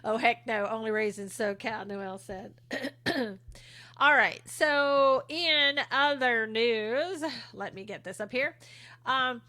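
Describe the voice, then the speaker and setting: Her voice sits fairly high, with a sharp edge and a slow delivery. This middle-aged livestream host keeps things casual, reading out comments from viewers and firing back sarcastic, talkative replies punctuated by frequent laughter.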